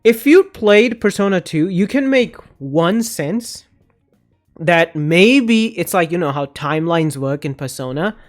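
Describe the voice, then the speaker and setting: Give me a young man doing animated, rambling commentary on video games. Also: high voice, measured pace, faint music behind. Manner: rambling, animated, self-interrupting. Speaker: gaming video creator. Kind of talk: casual opinion commentary.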